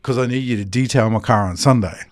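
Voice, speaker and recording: A man with an average-pitched voice, hosting a podcast chat in a blunt, plain-spoken way. He swears freely and jumps into acting out other people's lines. The recording is dry and close. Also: quick pace, no echo. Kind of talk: casual conversation.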